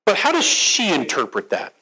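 A middle-aged man, a therapist and conference speaker, giving a conversational, animated talk on marriage to a live audience and asking them questions. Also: high voice, normal speed, husky, low-quality recording.

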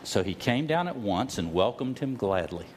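Animated man preaching a sermon. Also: on the low side, a little hiss or hum. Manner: storytelling preacher, slows for emphasis, rises to loud cries. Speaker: pastor.

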